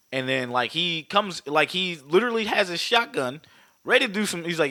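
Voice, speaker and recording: A man co-hosting a podcast, recapping a film in casual, profane talk and acting out the scenes in quick voices. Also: on the high side, lively intonation, bright, forceful tone, dry recording. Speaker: podcast co-host. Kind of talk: casual movie recap chat.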